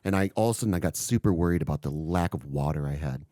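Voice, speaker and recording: A man's voice: a bass voice, rapid-fire, dark tone, dry recording, clean studio sound. A man co-hosting a podcast, telling a long story in casual chat and swearing freely. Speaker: podcast co-host.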